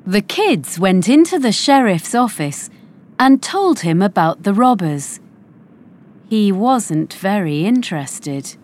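A woman reading a children's storybook aloud in a slow, clear and careful way. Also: mid-range voice, big pitch swings, darkish tone. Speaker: narrator.

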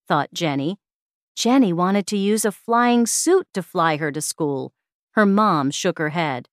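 Female textbook narrator: slow, clear, very expressive read. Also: lowish voice, dry recording, clean studio sound. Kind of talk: slow scripted story reading for learners.

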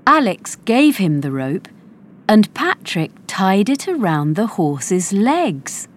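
A woman reading a children's storybook aloud in a slow, clear and careful way. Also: mid-range voice, sing-song, slight background noise. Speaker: narrator.

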